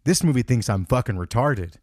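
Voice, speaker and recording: Animated, swearing podcast host ranting. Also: male voice, mid-range voice, brisk, no room sound, clean studio sound. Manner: profane, animated, acts out his own thoughts in quotes. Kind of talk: casual comedic movie rant.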